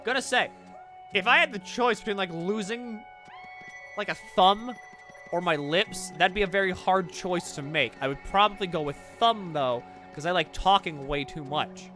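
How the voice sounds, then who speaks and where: A chatty male streamer riffs and jokes over his playthrough, sometimes forcing words out without moving his lips. His voice sits a bit high with a bright, edgy tone. Game music runs faintly behind him. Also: normal speed. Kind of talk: casual let's play commentary.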